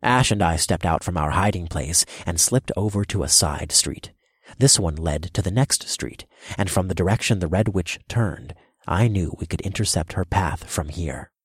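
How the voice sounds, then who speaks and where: Deep husky male audiobook narrator. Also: normal speed, no echo, studio quality. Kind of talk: scripted first-person narration.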